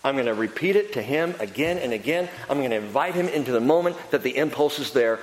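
Male pastor, lively emphatic preaching, long hall reverb, repeats key lines. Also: mid-range voice, fast, few pauses. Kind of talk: sermon.

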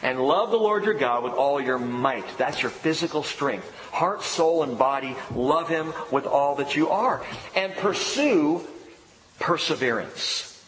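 A man's voice: on the high side, expressive, unhurried, a bit bright, slight background noise. A middle-aged man preaching a sermon as pastor, emphatic and repeating key phrases. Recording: echoey hall with faint ambience.

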